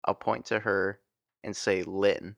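A man's voice: on the low side, flat delivery, slow pace, vocal fry, a bit bright, no room sound. A man playing a tabletop role-playing game, plainly describing his character's actions. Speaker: player.

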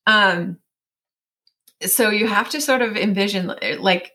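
A woman in her forties with a medium-pitched voice speaks slowly as an interview guest, telling a personal story. She's chatty and full of fillers, often acting out what her inner voice says with animated self-quoting.

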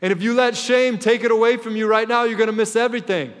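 A man acting out Jesus in a sermon. He speaks softly and hushed in the gentle lines and turns loud and pleading when he urges. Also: very high-pitched, fast, big-room sound, voice pushed up. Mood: fervent. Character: compassionate man Jesus, tender yet urging. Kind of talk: sermon storytelling.

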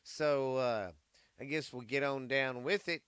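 A man's voice: mid-range voice, unhurried, a bit bright, smooth, dry recording. A man hosting a sports show, chatting casually in a rambling, profane way. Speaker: podcast host.

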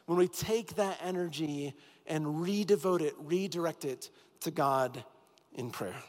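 A pastor delivering an earnest sermon, repeating key phrases as he builds intensity. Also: fairly high pitch. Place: church sanctuary with long reverb. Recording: reverberant hall with soft music behind.

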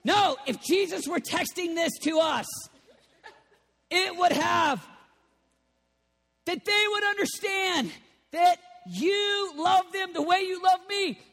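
A man preaching a lively sermon, animated and playful, bursting into shouts. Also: extremely high pitch, slow, creaky, long pauses. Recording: long reverb of a large hall.

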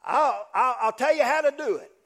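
A man's voice: extremely high pitch, lively intonation, moderate pace, sharp tone, voice pushed up, full character voice. A man voicing a brash young man egging on a king's son, pushy and urgent.

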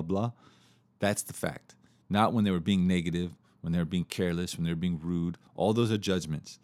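A man hosting a podcast, teaching communication skills in a relaxed, casual way, with fillers and restarts. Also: low-pitched, no room sound. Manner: relaxed, repeats himself, many fillers and restarts.

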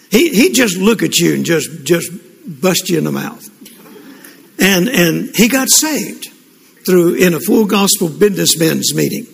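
A man's voice: high voice, gravelly, a bit bright, breathy edge. An older man preaching a sermon to a congregation, telling folksy stories with frequent restarts. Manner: folksy storytelling with repeated restarts. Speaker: pastor. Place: church. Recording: echoey hall with congregation responses.

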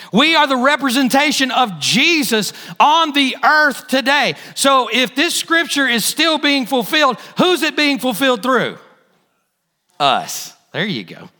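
High bright-voiced male preacher, emphatic. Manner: emphatic, repeats key phrases, asks congregation questions. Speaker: pastor. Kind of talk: sermon. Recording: hall reverb.

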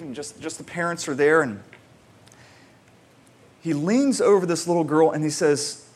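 A pastor delivers a conversational sermon in a slightly high voice. He tends to repeat words as he begins sentences, and he shifts between excited emphasis and quiet, slow reflection.

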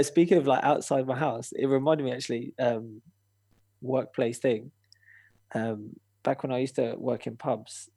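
Young guy spinning a yarn, gravelly husky voice, dry close sound. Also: medium pitch, no echo. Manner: animated, acts out quoted voices, swears, laughs. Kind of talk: casual storytelling chat.

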